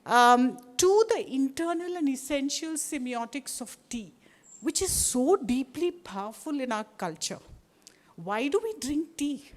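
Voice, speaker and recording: Brief: middle-aged Indian woman, Indian English accent, slightly higher voice, rambling lecture style. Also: lively intonation, measured pace. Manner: discursive, with many restarts and asides. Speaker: guest speaker. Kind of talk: lecture to a live audience.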